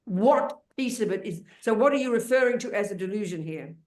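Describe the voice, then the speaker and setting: An older woman teaches Buddhist ideas in a question-and-answer dharma session, speaking bluntly and emphatically, cutting in with questions and talking over her student. Her mid-range voice is expressive, fairly quick, and a little mellow, and the room gives a noticeable echo.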